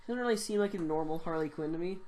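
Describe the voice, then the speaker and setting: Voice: medium pitch, quick pace, darkish tone, a little hiss or hum. A teenager co-hosting a casual podcast, talking in a hesitant way with frequent restarts. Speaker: podcast co-host. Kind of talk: casual chat.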